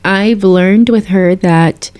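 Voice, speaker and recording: A woman on a faith podcast panel, talking earnestly and reflectively, with quick bursts of speech. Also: mid-range voice, darkish tone, smooth. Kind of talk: casual faith discussion.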